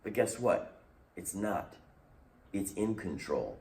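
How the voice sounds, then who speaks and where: A man teaching a youth lesson in a lively, animated way, acting out the voices he quotes. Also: sits low, takes it slowly, reverberant, recorded from a distance. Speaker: youth pastor.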